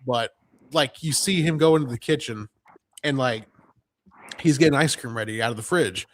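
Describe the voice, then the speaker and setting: A man's voice: mid-range voice, normal speed, a little hiss or hum. A man co-hosting a movie review chat, retelling scenes at length with lots of fillers and quoted lines. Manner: rambling recap full of fillers and quoted lines. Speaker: podcast co-host reviewing a film. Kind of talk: casual chat.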